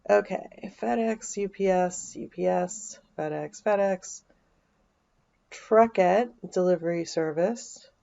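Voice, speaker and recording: A woman's voice: fairly low pitch, slow pace, gravelly, warm tone, dull audio. A woman vlogger, chatting casually as she walks through a search on her screen, thinking aloud with dry asides. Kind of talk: casual screen-share walkthrough.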